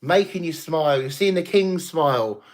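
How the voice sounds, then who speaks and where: A man's voice: on the high side, expressive, normal speed. A man hosting a casual late-night livestream, rambling, swearing and laughing as he chats with viewers after a few drinks. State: tipsy from drinking. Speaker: livestream host.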